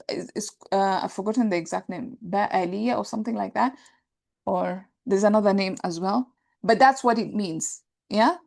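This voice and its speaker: A woman with a fairly high voice teaches a grammar class. She walks through each term patiently and keeps checking that her students follow. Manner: explains step by step, checks understanding with "right?". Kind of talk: classroom lecture.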